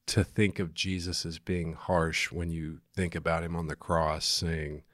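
Very deep-voiced man, relaxed. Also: unhurried, no room sound, studio quality. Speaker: podcast co-host. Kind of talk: casual Bible study discussion.

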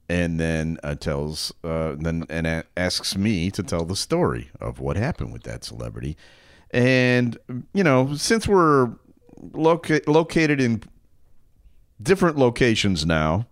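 A man's voice: sits low, dry recording, studio quality. A man co-hosting a podcast, chatting casually in a rambling, loose way with many fillers. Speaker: podcast co-host. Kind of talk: casual chat.

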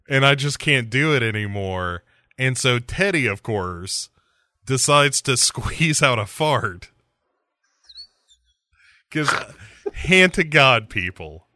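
A man hosting a podcast, casually retelling a horror movie's plot with jokes and quick put-on voices. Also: medium pitch, dry recording. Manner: jokey, animated plot retelling with quoted voices. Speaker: podcast host.

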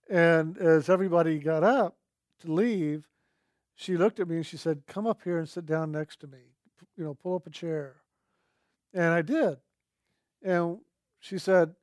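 A man's voice: a little high, darkish tone, dry recording, clean studio sound. Earnest man retelling a memory. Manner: reflective, earnest, quotes others in his own voice. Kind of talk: personal storytelling.

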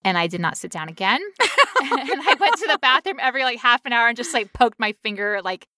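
A young woman telling a long story in casual chat, animated and acting out quotes in high voices. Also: fairly quick, no echo, studio quality.

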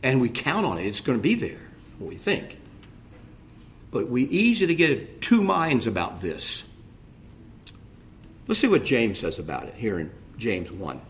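A middle-aged man with a drawl gives a conversational sermon from the pulpit. His delivery is folksy and animated, with plenty of asides, and his pitch swings widely from phrase to phrase. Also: a little slow, long pauses, a little hiss or hum. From United States. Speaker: pastor.

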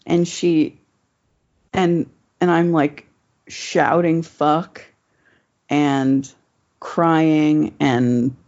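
A woman's voice: low voice, steady tone, extremely slow, pauses often, darkish tone. A woman telling a personal story in casual chat, rambling and swearing, with many fillers. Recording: dull lo-fi recording.

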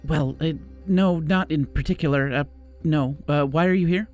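A man's voice: a little high, moderate pace, a little mellow, soft background music, natural voice. A man voicing a nervous, twitchy young Parisian man who stammers and hesitates. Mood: flustered.

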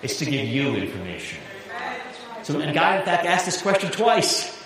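Animated preacher man in echoing hall. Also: a little high, normal speed, crowd noise. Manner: animated, laughs at own jokes. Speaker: pastor. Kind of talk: sermon. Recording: echoey hall with long reverb, faint hiss.

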